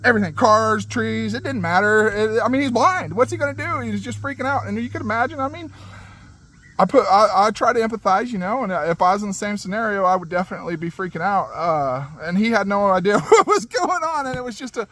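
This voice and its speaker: A man telling a funny story from his childhood in a rambling, animated way. He laughs as he talks and uses many fillers and restarts. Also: high-pitched, a little fast, low-quality recording. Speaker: channel host. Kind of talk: casual storytelling monologue.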